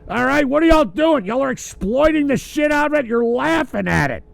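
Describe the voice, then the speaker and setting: Gravelly high-voiced man ranting, tipsy. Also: very animated, a little fast, dry recording. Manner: loud, profane, rambling rant. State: drinking, tipsy. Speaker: host of a call-in livestream show. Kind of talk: profane ranting livestream talk.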